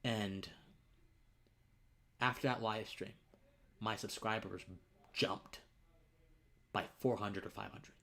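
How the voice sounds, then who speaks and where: Earnest young man, halting and emotional. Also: on the low side, steady tone, vocal fry, fairly bright tone. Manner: earnest, halting, repeats words, drops to near-whispers. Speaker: political podcaster and streamer. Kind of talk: emotional live-stream monologue.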